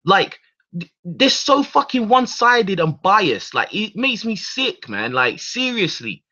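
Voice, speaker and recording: A man's voice: sits high, big pitch swings, a little slow, sharp tone. A man hosting his own radio show, ranting in a heated, profane monologue full of repeated words and restarts. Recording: dull lo-fi recording.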